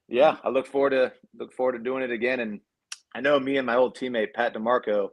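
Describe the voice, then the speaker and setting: The recording is muffled as this former college quarterback speaks fast and steadily. A Cuban-heritage guest in his thirties, he swaps profane, easygoing stories in a casual interview, mimicking people in a raised voice.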